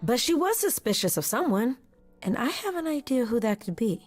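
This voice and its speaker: An actress voicing a grieving, devoted goddess who speaks softly and in a measured way. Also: female voice, a little high, very animated. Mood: sorrowful. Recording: game audio with faint music beneath.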